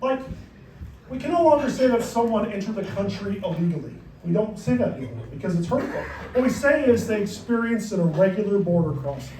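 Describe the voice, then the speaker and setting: A middle-aged man doing a punchy, deadpan stand-up comedy set in a comedy club. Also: high voice, fairly quick, a little hiss or hum. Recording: roomy club sound, mic far off, crowd. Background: audience laughter.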